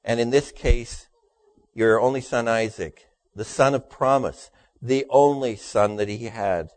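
A man delivering a sermon at a middle pitch. He tells jokes in a dry storytelling way and lets his voice sink low and quiet for each punchline. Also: a little slow, dry recording. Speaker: pastor.

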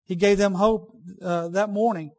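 A man's voice: high-pitched, fairly even intonation, moderate pace, darkish tone. A man preaching a sermon in a conversational way, repeating key phrases for emphasis and turning to folksy asides with the congregation.

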